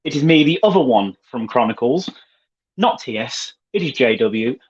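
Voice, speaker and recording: A man's voice: mid-range voice, lively intonation, normal speed, husky. A British man co-hosting a casual podcast, introducing guests in a playful, teasing way. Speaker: co-host. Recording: dull lo-fi sound.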